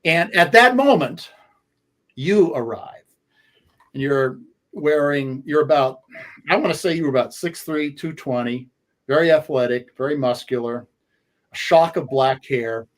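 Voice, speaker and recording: A man in his sixties, a sports radio co-host, reminiscing at length in a halting way with many fillers. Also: mid-range voice, steady tone. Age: 60s. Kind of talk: conversational storytelling.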